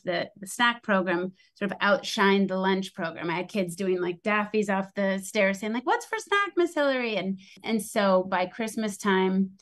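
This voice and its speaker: A middle-aged American woman talks through a long story in a casual interview. She is chatty and lively and acts out the voices of the people in her story with a lifted pitch. Her voice sits in an ordinary middle range for a woman. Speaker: podcast guest, school lunch program founder.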